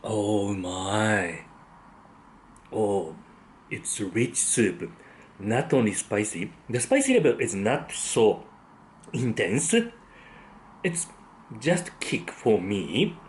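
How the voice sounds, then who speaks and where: Slow, savoring man. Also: lowish voice, big pitch swings, slight background noise. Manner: savoring, frequent appreciative hums. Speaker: food vlogger. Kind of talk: casual tasting commentary.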